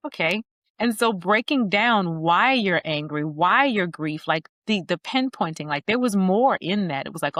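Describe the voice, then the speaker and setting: A woman's voice: on the low side, fairly bright tone, no echo. A middle-aged woman speaking as a grief coach in an interview, earnest and storytelling, acting out bits of dialogue. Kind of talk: conversational interview.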